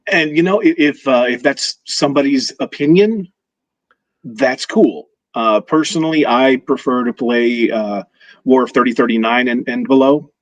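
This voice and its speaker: A man calls into a livestream in an ordinary, middle-pitched voice. He is laid-back and a little hesitant, slipping in dry jokes, and the sound is dry. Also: normal speed, no echo, lo-fi sound. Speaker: caller. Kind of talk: casual call-in chat.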